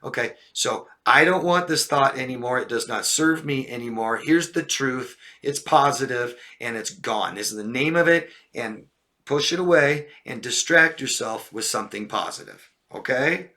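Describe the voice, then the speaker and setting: A man with a bright, forceful voice gives blunt advice on a livestream. He talks straight to his viewers, hammers home his points and keeps asking "okay?" to check they follow. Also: mid-range voice, normal speed. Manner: direct, repetitive, checks in with "okay?". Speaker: life coach. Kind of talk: livestream advice talk answering viewer questions.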